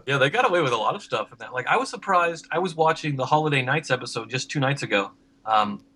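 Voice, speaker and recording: A man's voice: mid-range voice, expressive, quick pace, pushed and bright. A man who writes comics, talking casually in a podcast chat, rambling and laughing often as he acts out quotes.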